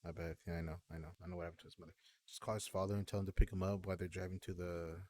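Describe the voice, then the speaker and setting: A man's voice: low voice, flat delivery, very fast, darkish tone. A man chatting casually on a stream, laid-back and rambling, with many fillers. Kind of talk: casual chat.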